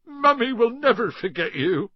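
Man doing a big gruff tearful gamekeeper giant, husky, dry dull recording. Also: medium pitch, big pitch swings, normal speed, no room sound. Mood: sobbing. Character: huge soft-hearted male half-giant gamekeeper.

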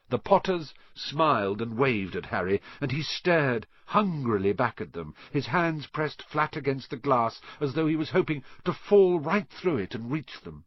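A man narrating a story in an expressive reading voice, dropping to a hush at quiet moments. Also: medium pitch, breathy edge, dry recording, lo-fi sound. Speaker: audiobook narrator.

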